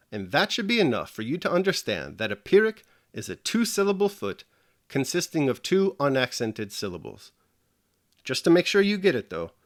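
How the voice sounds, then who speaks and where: In a medium-pitched voice full of rises and dips, a man teaches a scripted lesson on video. Each step gets a calm, measured explanation aimed right at his viewers. There's no room sound in the dry, close recording.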